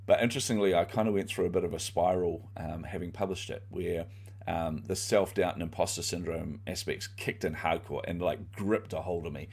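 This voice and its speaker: A man's voice: low-pitched, a little fast, vocal fry, darkish tone, slightly rough. A middle-aged man, an author guest in an interview, telling his story candidly and animatedly with plenty of fillers. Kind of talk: conversational storytelling.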